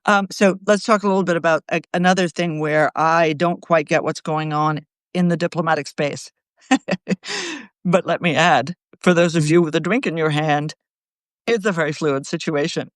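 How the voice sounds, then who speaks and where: A woman co-commenting on politics in a casual video-call chat, animated and sarcastic, full of jokey asides. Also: sits low, moderate pace, dry recording, clean studio sound.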